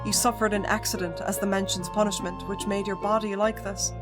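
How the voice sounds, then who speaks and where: A woman's voice: mid-range voice, level tone, brisk, close to an everyday voice. A woman voicing a devoted young daughter who pleads earnestly and tearfully with her mother. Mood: pleading. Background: game music.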